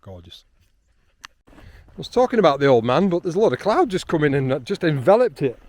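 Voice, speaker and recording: A man, chatting excitedly outdoors on a hilltop, with frequent ums. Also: a little high, a little fast. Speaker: landscape photographer. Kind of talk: casual vlog narration while hiking.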